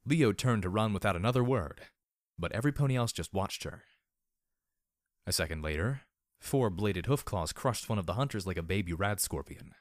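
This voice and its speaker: Male audiobook narrator, very low voice, dry close sound, measured and wry. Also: dry recording. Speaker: audiobook reader. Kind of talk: audiobook narration of fan fiction.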